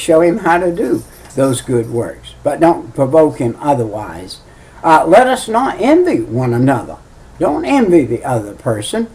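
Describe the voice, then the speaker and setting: A man's voice: fairly high pitch, darkish tone, poor audio. A middle-aged man preaching a sermon in a folksy, emphatic way, often repeating his key phrases.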